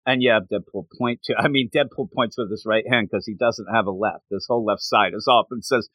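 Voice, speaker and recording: A man's voice: lowish voice, brisk, no room sound. A man casually chatting on a podcast, recapping a comic book with lots of laughter and acted-out character lines. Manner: animated storytelling, acts out characters' lines, laughs often.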